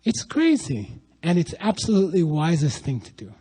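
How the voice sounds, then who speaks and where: A middle-aged man giving a lively spiritual talk to an audience, telling stories and asking rhetorical questions. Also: fairly high pitch, normal speed, husky, poor audio. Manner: animated, rhetorical questions, storytelling. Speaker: spiritual teacher.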